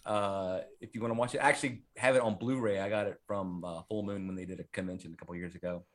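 A man's voice: low-pitched, steady tone, fast. Rambling, profane man chatting casually. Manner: rambling and profane, with many fillers. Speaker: podcast host. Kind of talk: casual horror movie chat.

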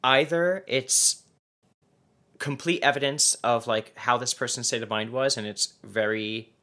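A man's voice: medium pitch, a little slow, sharp tone. A man co-hosting a casual true-crime podcast, chatty and rambling, with many fillers. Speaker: podcast co-host.

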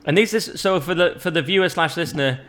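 A man's voice: fairly high pitch, fast talker, a bit bright, a little hiss or hum. A man hosting a podcast, explaining at length and setting out the structure of the discussion in casual conversation. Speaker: podcast host.

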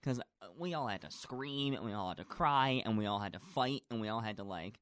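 A man's voice: on the low side, lively intonation, brisk, fairly bright tone, clear, resonant tone, no room sound. A man in a casual chat, a stage actor talking at length, gushing and rambling with lots of fillers.

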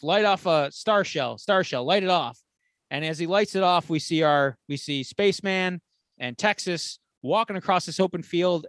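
A podcast co-host with a slightly raised pitch casually walks through a war movie's plot scene by scene, acting out the characters' lines with plenty of swearing. His animated storytelling is recorded close to the mic, dry and without echo.

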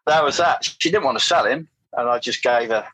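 A man's voice: mid-range voice, brisk, a bit bright, husky, dry recording, rough recording. A middle-aged man, telling his story as an interview guest in a rambling way. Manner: rambling, anecdotal, frequent restarts and fillers. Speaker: guest, motorcycle test rider.

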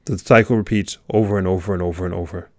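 A man giving a motivational monologue, preachy, swinging from loud urging to a hushed near-whisper. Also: sits low, fairly even intonation, fast, no room sound, studio quality. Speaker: motivational speaker.

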